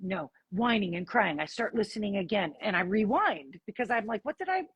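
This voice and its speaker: A woman guest on an interview podcast, telling a personal story in an animated way and acting out the dialogue. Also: medium pitch, normal speed, husky, no echo, dull audio. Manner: animated, acts out dialogue in her stories.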